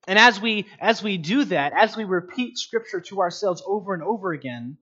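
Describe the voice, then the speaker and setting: A man giving an earnest, unhurried teaching on meditating on scripture, often restarting his sentences. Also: sits high, lively intonation, sharp tone. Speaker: Bible teacher. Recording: dull lo-fi recording.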